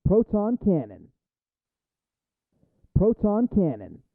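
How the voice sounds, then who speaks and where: A man voicing an armored superhero who calls out a weapon name with enthusiasm, without yelling, his voice run through audio filters. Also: high voice, huge pitch swings, slow pace, dry recording, phone-quality sound, pitched above the performer's own voice, heavily acted. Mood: eager. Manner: enthusiastic callout, not yelled. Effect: heavy audio filtering and processing.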